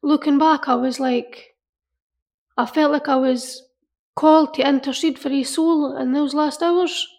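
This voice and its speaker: A woman telling an emotional personal story in an earnest, halting way, often repeating herself. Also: high-pitched, fairly even intonation. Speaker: interviewee. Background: soft music.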